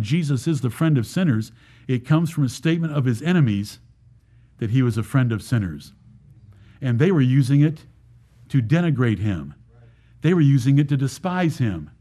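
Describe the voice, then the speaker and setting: A man's voice: a little high, a little mellow. A man preaching a sermon as pastor, emphatic, repeating lines and asking rhetorical questions.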